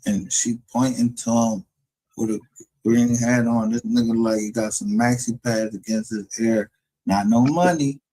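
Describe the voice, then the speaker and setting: A man's voice: medium pitch, steady tone, measured pace, mellow, low-quality recording. A man hosting a livestream, rambling in casual, profane commentary and laughing often. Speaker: livestream show host.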